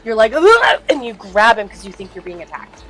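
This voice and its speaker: A woman narrating as game master of a tabletop game, laughing often and breaking into shouted character cries. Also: medium pitch, quick pace, soft background music.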